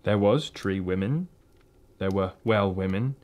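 A man's voice: sits low, a little slow, a little mellow. Man reading a storybook aloud. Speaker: reader.

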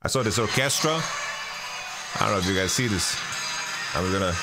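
A man's voice: mid-range voice, lively intonation, moderate pace, long pauses, loud music behind the voice. A man hosting his own podcast, telling a travel story in a loose, rambling way, swearing freely and often restarting his sentences. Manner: rambling, profane, lots of restarts and "you know". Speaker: podcast host.

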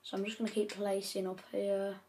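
A woman's voice: mid-range voice, flat delivery, brisk, darkish tone, a little hiss or hum. A woman giving chatty gameplay commentary, breaking into frequent frustrated outbursts. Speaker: gaming channel host.

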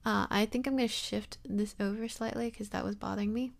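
Young woman, vocal fry, mid-pitched, rambling tutorial chat, lots of ums and likes. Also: fairly even intonation, a little fast. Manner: rambling and chatty, full of fillers; self-deprecating. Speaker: tutorial host. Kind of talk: casual screen-recorded software tutorial.

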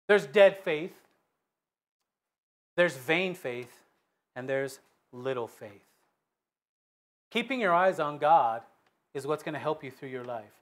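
A man preaching a sermon, reading scripture aloud and swinging between loud fervent peaks and low hushed asides. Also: expressive, takes it slowly, long pauses. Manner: reads scripture in King James wording with emphatic repetition.

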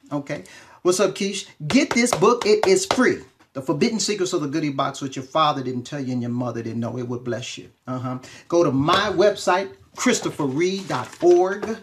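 Animated, chatty man preaching on a live stream. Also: on the high side, a little hiss or hum. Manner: animated, chatty, keeps checking in with "okay?". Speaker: reverend and self-help speaker. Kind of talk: live-streamed motivational talk to viewers.

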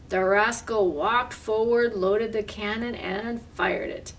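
A woman's voice: mid-range voice, takes it slowly, few pauses. Woman reading a picture book aloud. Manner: lively, expressive reading. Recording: distant mic, faint room noise.

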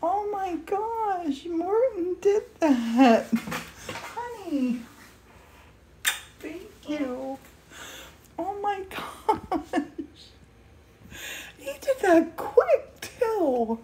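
A woman's voice: extremely high pitch, big pitch swings, very slow, pauses often, warm tone, a little hiss or hum. A woman gushing over a gift on a livestream, tearful and exclaiming often. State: teary. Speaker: host of a painting livestream. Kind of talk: emotional casual chat. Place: indoor studio.

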